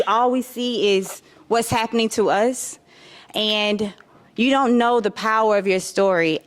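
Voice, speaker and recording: A woman who runs a publishing house, giving a heartfelt, tearful thank-you speech to an audience at her book launch on a handheld microphone. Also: on the high side. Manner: warm, tearful, effusive gratitude. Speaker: publisher and host. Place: event hall with live audience.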